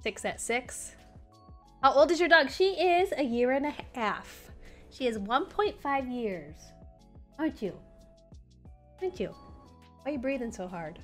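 Faint music sits behind this young woman's high-pitched, animated voice, which has a fairly bright tone and a moderate pace. As community manager on a casual livestream, she chats with viewers and talks baby talk to her dog.

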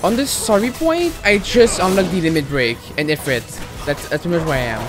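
Excitable giggly woman streamer. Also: on the low side, fairly quick, over music. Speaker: game streamer. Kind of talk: casual gameplay commentary.

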